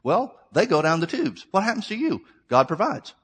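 This middle-aged preacher's sing-song voice is a little high for a man, slightly bright and a touch rough, at normal speed. He alternates scripture with plain talk to his congregation, asks rhetorical questions, and keeps saying "folks."

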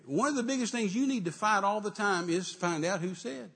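An older man preaching a sermon, telling a folksy story that swings from hushed to shouting. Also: high-pitched, fairly quick, breathy edge.

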